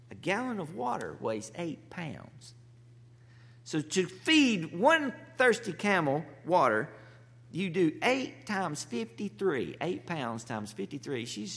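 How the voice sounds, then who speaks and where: A man's voice: fairly high pitch, gravelly, a bit bright. A man, a pastor, preaching a sermon with humorous, conversational storytelling. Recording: long hall reverb.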